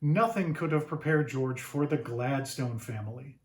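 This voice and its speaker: A man reading his picture book aloud to children, animated and often asking the listeners questions. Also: medium pitch, normal speed. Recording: roomy echo.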